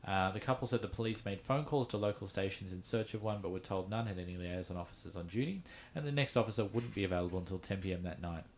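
A man's voice: sits low, fast, hardly any pauses, slight background noise. An Australian man on a podcast who reads out a news item and then tells his own story in casual chat, with fillers as he goes.

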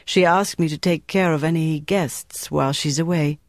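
A man voicing a poised young woman agent in an audiobook, calm and composed. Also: a little high, normal speed, no echo, clean studio sound, close to an everyday voice.

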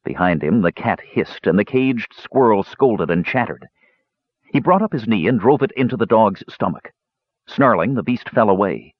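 A man narrates a fantasy story in a low, husky voice that moves up and down a lot. The recording is dull and dry, with no room sound. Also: no echo. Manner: measured storytelling, lively pitch. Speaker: audiobook narrator.

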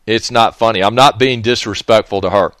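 A man's voice: lowish voice, brisk, a bit bright, no echo, studio quality. A man hosting a radio talk show, rambling in a folksy way and chuckling to himself between thoughts.

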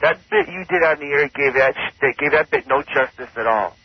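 A man's voice: medium pitch, brisk, husky, no room sound. A man calling in to a radio show, eager and enthusiastic. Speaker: caller. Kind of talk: phone-in call. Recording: phone call on dull radio.

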